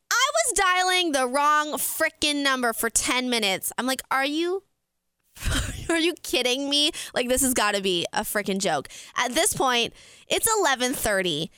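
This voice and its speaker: A young woman telling a story casually, animated and laughing often, with a lot of "like" in her talk. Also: a little high, smooth, no room sound. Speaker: podcast host.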